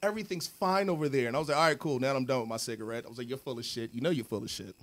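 A man's voice: medium pitch, rapid-fire. A man telling a bar story to friends on a podcast, cursing freely and acting out the people in his story. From United States. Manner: profane, animated, quotes people in put-on voices. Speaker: podcast co-host.

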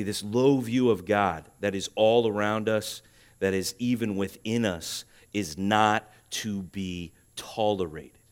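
A man preaching a sermon, his voice swelling loud and high at emphatic points and then dropping to a quiet, urging tone. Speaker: pastor.

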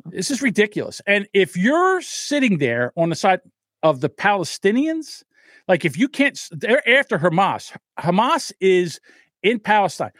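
Guy ranting on a podcast, swears a lot, kinda high voice, dry sound. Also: big pitch swings, moderate pace, a bit bright, no room sound. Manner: heated, profane, ranting. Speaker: podcast co-host. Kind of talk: casual chat.

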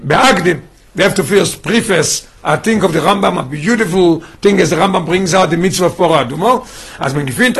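Man, rabbi teaching a class, emphatic, quick pace, husky voice. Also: high voice, fairly bright tone. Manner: emphatic, mixes in Yiddish and Hebrew terms. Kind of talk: Torah class lecture.

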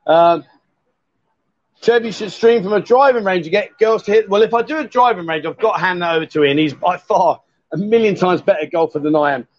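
Male host, high-ish voice, chatty and jokey, live bar stream, muffled lo-fi sound. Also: brisk. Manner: loud, jokey, coaxing and chatty.

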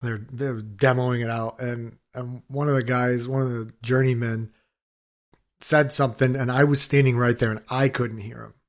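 A man's voice: mid-range voice, level tone, moderate pace. Guy rambling thru work stories, lots of like and swearing, mid voice. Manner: rambling storyteller, swears freely, filler-heavy; acts out other people's shouting in his stories. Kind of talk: casual chat.

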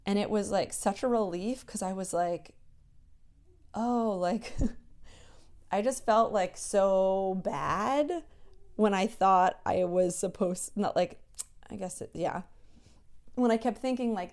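A tired, tearful woman speaking in a soft, halting way in a reflective personal voice diary, sometimes dropping into a whisper, then chatting with lots of fillers. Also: on the high side. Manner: chatty storytelling with many fillers. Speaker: creator sharing a personal diary recording.

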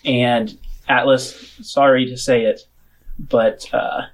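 A man running a tabletop role-playing game as game master, narrating scenes in a relaxed, descriptive way with frequent filler words. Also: mid-range voice, slow pace, rough recording.

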